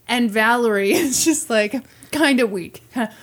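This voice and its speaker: A woman hosting a podcast, casually telling a true-crime story in an animated way, acting out quotes and laughing often. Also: fairly high pitch, normal speed. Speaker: podcast host.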